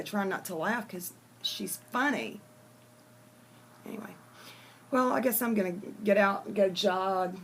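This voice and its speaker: A woman's voice: lowish voice, slight background noise. A woman vlogging in a chatty, blunt way, telling a joke and talking casually to her viewers. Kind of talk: casual storytelling chat.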